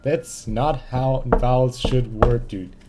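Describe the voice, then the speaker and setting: A man's voice: mid-range voice, steady tone, slow pace, heavy background noise. A young German man streaming a game, chatting casually in English with a German accent, ranting and swearing in exasperation. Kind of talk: casual live-stream chat.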